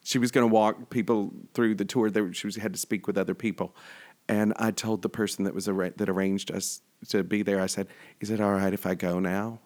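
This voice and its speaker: A man hosting a show, telling a story in an excitable, chatty way full of fillers. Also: fairly low pitch, brisk. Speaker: host. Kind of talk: casual chat.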